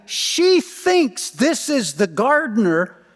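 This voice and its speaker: A male pastor preaching a storytelling sermon, swinging from loud emphasis down to near-whispers and repeating key phrases. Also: very high-pitched, very animated, takes it slowly, in a large hall. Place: church sanctuary.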